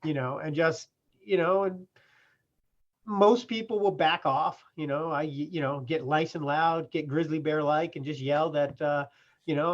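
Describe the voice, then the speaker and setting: A man's voice: a little high, steady tone, a little slow. A man in the process-serving business telling stories from his work in a plain-spoken, casual way, full of "you know". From California. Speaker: process server and business owner. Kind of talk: casual interview storytelling. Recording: muffled lo-fi remote audio.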